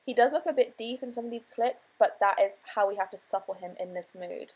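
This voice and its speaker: A young woman vlogging casually, her voice a little hoarse after being ill, talking in a chatty, bubbly way. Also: mid-range voice, a little fast, darkish tone. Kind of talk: casual vlog chat.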